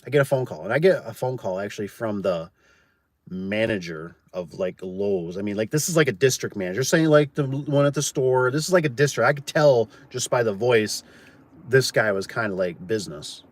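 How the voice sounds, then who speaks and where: A man's voice: fairly low pitch, expressive, moderate pace, dry recording. Chatty man telling a work story. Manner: chatty, tosses in "like" and "right?", acts out quoted voices. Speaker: garage door business owner. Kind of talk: casual storytelling.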